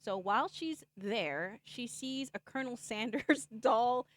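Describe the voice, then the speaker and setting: A woman's voice: on the high side, expressive, measured pace, no echo. A woman streamer casually recapping a game's story for viewers, rambling with lots of "like" and "okay?" and acting out the characters' lines. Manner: acts out characters' lines in the retelling.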